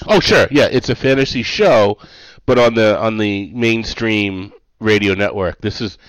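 A man interviewed as a guest analyst, talking in a relaxed way with frequent restarts. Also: fairly low pitch, unhurried, dry recording, rough recording. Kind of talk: casual interview.

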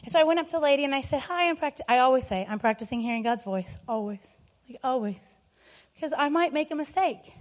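A woman's voice: sits high, animated, fast talker. A middle-aged woman preaching a sermon, telling personal stories emphatically and laughing often.

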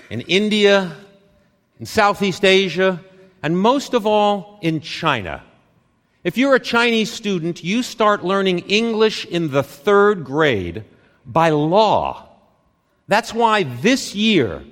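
A man delivers a conference talk in a high, lively voice that rises and falls with every phrase. He speaks slowly in short, punchy lines, and the long reverb of a big hall trails each word. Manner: deliberate, dramatic short phrases with pauses. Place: stage in a large hall.

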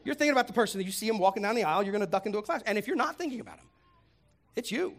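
A male pastor preaching a lively, humorous sermon, swinging between loud punchlines and hushed reflective lines. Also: sits high, racing, gravelly, slight background noise. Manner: animated, humorous, acts out voices.

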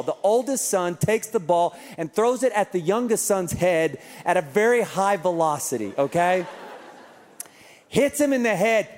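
A man's voice: sits high, slight background noise. A man preaching a sermon, telling a family story with joking asides. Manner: humorous storytelling. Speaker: pastor. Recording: long reverb in a large hall.

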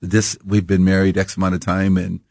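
A man in his fifties from Iowa muses as an interview guest, circling back and restarting his thoughts. His voice sits very low with a gravelly fry. The studio sound is dry and close. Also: monotone, brisk, darkish tone, dry recording. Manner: reflective, rambling with restarts. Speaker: coffee company founder, guest. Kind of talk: casual interview. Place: radio studio.

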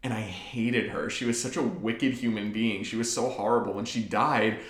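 A man telling profane, animated stories in casual chat. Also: on the low side, normal speed. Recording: echoey room.

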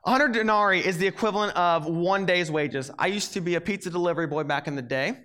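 A young man with a high, light voice preaches in a loose, conversational way. He tells the story with plenty of energy and slips into the voices of its characters as he goes. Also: fast talker. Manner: animated, acts out the story's characters. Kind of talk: casual storytelling sermon.

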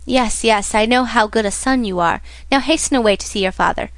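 A woman's voice: fairly high pitch, brisk, no room sound, lightly acted. A woman reading the part of a fatherly, encouraging older male shipowner in a storybook.

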